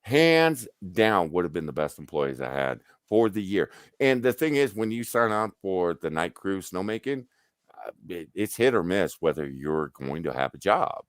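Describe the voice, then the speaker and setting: A middle-aged livestream host with a low voice tells work stories at a moderate pace, swearing often and animatedly acting out quotes. It's casual storytelling chat in clean studio sound, with no echo.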